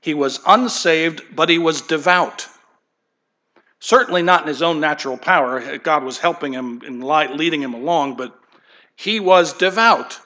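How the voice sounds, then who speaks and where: A man's voice: on the high side, moderate pace, pushed and bright. A man preaching a sermon as pastor, emphatic and asking rhetorical questions.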